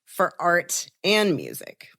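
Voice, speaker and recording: A woman hosting a podcast, asking quick questions with enthusiasm in a casual chat. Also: lowish voice, wildly swooping pitch, sharp tone. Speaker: podcast host.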